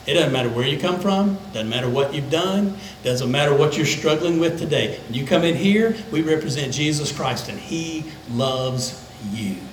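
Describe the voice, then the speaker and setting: An older man, a pastor, preaching a conversational sermon that dips into soft, low tones for emphasis. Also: lively intonation, normal speed, hardly any pauses, roomy sound, a little hiss or hum, low-quality recording. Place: church sanctuary.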